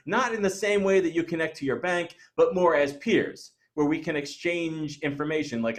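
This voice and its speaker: Man giving a conversational webinar talk. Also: on the high side. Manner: conversational, poses rhetorical questions to listeners. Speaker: presenter. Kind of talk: webinar presentation.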